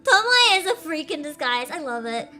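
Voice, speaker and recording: Bubbly young woman gaming streamer, super high bright voice, giggles a lot, all over the place pitch-wise. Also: big pitch swings, faint music behind. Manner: giggly, bubbly, quick asides. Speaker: streamer playing a game. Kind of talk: casual let's-play commentary.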